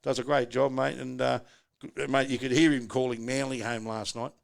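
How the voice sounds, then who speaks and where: A man's voice: medium pitch, little pitch movement, normal speed, creaky. Casual australian man hosting a pub podcast, rambling and jokey. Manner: jokey, rambling, banter-heavy. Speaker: podcast host. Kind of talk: casual chat. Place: pub, indoors.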